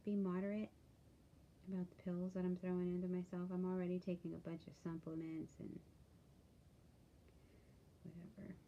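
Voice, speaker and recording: A tired woman speaks candidly into her camera for a casual video diary, her voice a little low and soft-edged. She talks haltingly, filling gaps with pauses and fillers. The camera audio is slightly dull, with faint background noise. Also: little pitch movement. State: tired, yawning. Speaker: vlogger.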